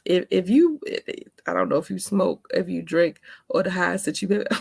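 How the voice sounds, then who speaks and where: A woman's voice: on the low side, vocal fry, darkish tone, slightly rough, no echo, clean studio sound. A woman in her forties telling a personal story in a casual vlog, chatty and emphatic, calling her viewers honey and baby. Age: 40s. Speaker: vlogger.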